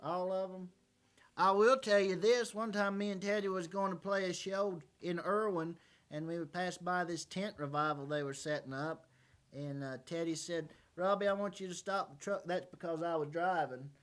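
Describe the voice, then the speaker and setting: A man's voice: high-pitched, steady tone, normal speed, fairly bright tone. A man hosting a casual talk show, reading fan mail and telling joking stories in a folksy way. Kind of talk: casual comedic chat. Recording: faint banjo music behind.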